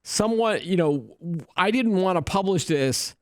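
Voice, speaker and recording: A man's voice: sits high, lively intonation, moderate pace, clear, resonant tone, no echo, studio quality. A man hosting a tech news show, chatting casually and joking, with many restarts.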